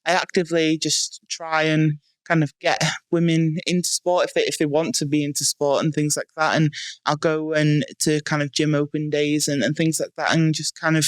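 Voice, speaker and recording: A woman athlete answering interview questions in a relaxed, casual way, with plenty of "um" and "like". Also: low voice, normal speed, no echo. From United Kingdom. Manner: relaxed, filler-heavy, with frequent "um" and "like". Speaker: strongwoman athlete, podcast guest.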